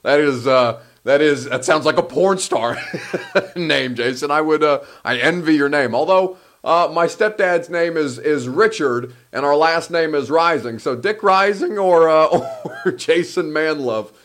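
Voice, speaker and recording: A man's voice: fairly high pitch, unhurried, fairly bright tone. A man hosting a casual sports talk show, chatty, laughing at his own jokes and reading sponsor plugs.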